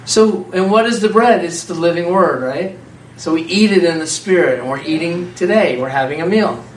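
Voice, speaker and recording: A man preaching a sermon in a church hall, talking in an animated, conversational way and asking rhetorical questions. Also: fairly high pitch, moderate pace. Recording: echoey room, speaker far from mic, faint background noise.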